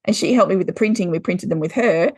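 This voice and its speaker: A woman's voice: fairly low pitch, quick pace, a little mellow, husky, dry recording, clean studio sound. A woman with an Australian accent, a guest on a podcast, chatting casually, swearing freely and laughing often. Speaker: guest, intuitive card deck creator.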